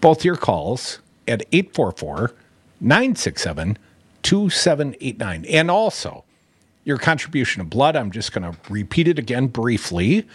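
A man hosting a call-in talk radio show, joking and bantering in a lively way. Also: mid-range voice, unhurried, breathy edge, no echo. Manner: lively, joking, animated delivery.

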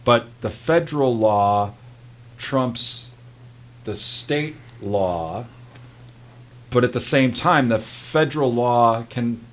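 A man's voice: mid-range voice, slow, pauses often. Hesitant male radio host. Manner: thinking aloud, hesitant questions. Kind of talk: radio interview.

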